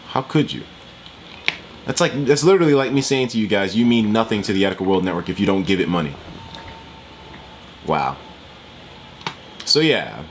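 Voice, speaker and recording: A man's voice: low voice, a bit bright, a little hiss or hum. Fired-up, swearing male gaming host. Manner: worked up, profane, repeats himself. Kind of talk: ranting commentary over gameplay.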